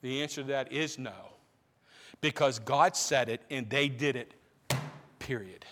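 A male pastor preaching a sermon to his congregation, building to loud repeated questions. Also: medium pitch, unhurried, pauses often. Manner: preaching with rising, shouted questions. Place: church sanctuary. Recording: long reverb of a large hall.

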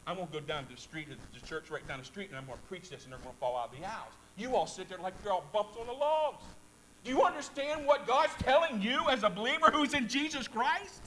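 A man preaching a sermon in a church, fervent and repetitive, swinging from loud emphasis to hushed asides. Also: sits high, animated, fairly quick, poor audio.

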